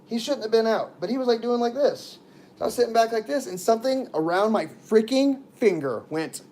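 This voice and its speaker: On a casual livestream, a man tells rambling stories straight to his viewers, chatting away and often cutting himself off mid-sentence. His voice is very high-pitched and warm, and he sounds animated and a little fast.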